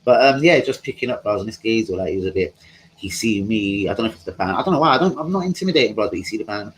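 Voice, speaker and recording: A man's voice: lowish voice, animated, very fast, a little hiss or hum, rough recording. A man hosting a live stream from home, chatting casually in a rambling, slangy way and talking to his viewers. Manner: rambling, slangy, talks to chat.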